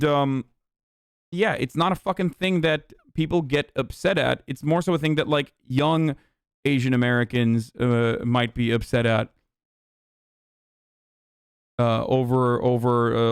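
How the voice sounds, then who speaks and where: Heated, profane male streamer, smooth voice. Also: medium pitch, fairly even intonation, normal speed, no echo, studio quality. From Turkey. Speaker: livestream host. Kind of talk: casual livestream rant.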